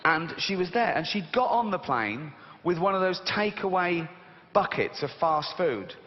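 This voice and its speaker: Mocking English comedian in a big hall. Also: male voice, high-pitched, a little slow. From Britain. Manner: lively, mocking, swears freely. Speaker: stand-up comedian. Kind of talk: stand-up comedy routine. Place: large theater on stage. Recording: dull live hall recording with reverb.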